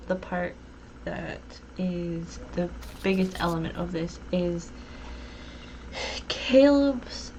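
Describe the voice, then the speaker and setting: A woman with a fairly low voice talks through a TV episode in casual conversation. She is thoughtful and leans on ums as she works out her points. The sound is dull and lo-fi, with faint noise behind her. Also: a little mellow. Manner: thoughtful, frequent filler "um", quick agreeing murmurs. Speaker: podcast host. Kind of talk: casual chat.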